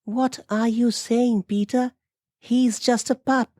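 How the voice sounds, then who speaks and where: A distressed young wife pleads in a strained, very high voice, as a male narrator puts her on. Her words come slowly and carefully, and the sound is dry and close with no room around it. It plays like a storytelling podcast. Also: level tone, warm tone, no echo. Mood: anxious.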